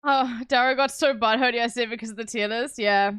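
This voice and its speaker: South African woman, young adult, streamer; high pitch, blunt and sarcastic, dry close sound. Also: fairly even intonation, brisk, fairly bright tone, clean tone, no echo. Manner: blunt, sarcastic, swears often. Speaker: livestreamer. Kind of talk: casual chat with stream viewers.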